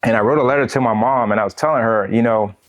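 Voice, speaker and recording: A man's voice: mid-range voice, quick pace. A man from the United States recounts his own memories in a casual, conversational interview. He tells it with animation and laughs at his own stories as he goes. He keeps dropping the word "man" between his phrases. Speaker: veteran guest.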